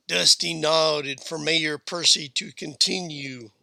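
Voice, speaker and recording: A man narrating a western tale in an unhurried, folksy storytelling manner. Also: a little high, gravelly, sharp tone, no echo. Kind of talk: storybook reading.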